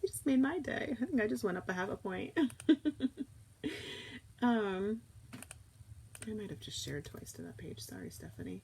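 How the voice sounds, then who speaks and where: A chatty woman rambles through a relaxed live stream and calls out her viewers by name. Her voice sits at an ordinary middle pitch. Faint ambient noise hums behind her, picked up by an old tablet inside a small camper. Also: normal speed, gravelly, long pauses. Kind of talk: casual live-stream chat. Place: camper in a backyard.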